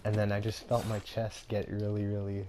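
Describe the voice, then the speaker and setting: A man's voice: on the low side, completely flat delivery, moderate pace, warm tone, a little hiss or hum. A young man telling a story in a casual, rambling way, full of fillers and laughs.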